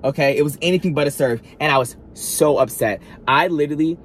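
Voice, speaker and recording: A man vlogging a storytime, talking straight to his viewers in an animated, dramatic way, full of asides and restarts. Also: fairly high pitch, a little fast, a little hiss or hum. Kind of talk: storytime monologue.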